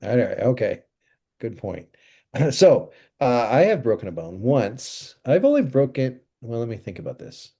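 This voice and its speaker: A man's voice: medium pitch, big pitch swings, unhurried, creaky, dark tone. A man who is a pastor, hosting a podcast in easygoing casual chat and rambling through stories. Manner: easygoing, chuckles, rambling storytelling.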